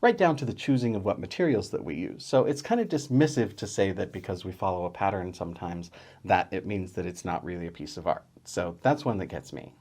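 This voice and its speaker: Chatty low-voiced man host. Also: animated, fairly quick, darkish tone. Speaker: channel host. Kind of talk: casual explainer talk to camera.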